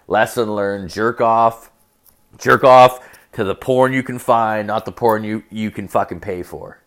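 A man's voice: fairly low pitch, unhurried, fairly bright tone. A young man telling a profane, rambling story as a rant, full of fillers and crude asides.

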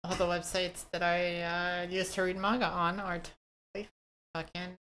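A woman co-hosting a casual podcast chat, joking dryly and pausing often on fillers. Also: fairly low pitch, level tone, a bit bright, slight background noise. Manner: dry, joking, hesitant with fillers.

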